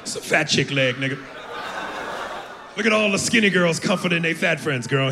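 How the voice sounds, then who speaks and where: A brash man does crude crowd work and teases the audience. His voice sits slightly high, and clear club noise runs behind it. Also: expressive, normal speed. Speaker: stand-up comedian. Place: comedy club stage.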